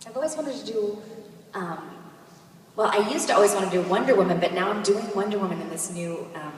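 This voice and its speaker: A woman's voice: medium pitch, a little fast, slight background noise. A woman voice actress on a convention panel, telling rambling anecdotes full of fillers, recorded from far off on a phone in a big hall. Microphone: far phone recording from audience. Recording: echoey hall, distant phone mic. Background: crowd.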